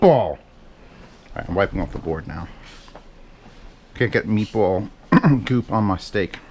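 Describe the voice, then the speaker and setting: A man's voice: fairly low pitch, animated, unhurried, long pauses, slightly rough. A man chatting casually and rambling with profane, self-mocking asides while he cooks in his home kitchen. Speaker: cooking vlogger. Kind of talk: casual cooking vlog chat.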